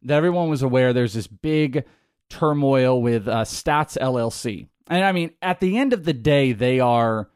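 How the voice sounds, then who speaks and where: A man's voice: medium pitch, expressive, moderate pace, darkish tone, clear, resonant tone, no echo, studio quality. A man hosting a sports podcast, upbeat and joking in casual chat. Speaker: podcast host.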